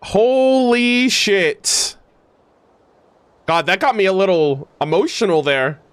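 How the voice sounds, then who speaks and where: A young man streaming his reaction to a game, emotional and exclaiming loudly as the story plays out. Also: high voice, lively intonation, slow pace, clear, resonant tone, no echo. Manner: emotional, loud exclamations and swearing. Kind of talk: excited gameplay reaction.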